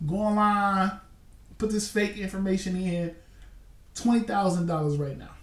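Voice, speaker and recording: Bratty cartoon baby boy put on by a man, high childish whine, roomy echo, distant mic. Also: fairly even intonation, normal speed, a bit bright. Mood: coaxing.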